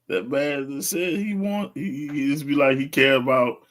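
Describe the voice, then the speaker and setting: A man with a fairly high voice speaks slowly while co-hosting a wrestling podcast. He chats casually, laughs a lot, and tells stories in an animated way.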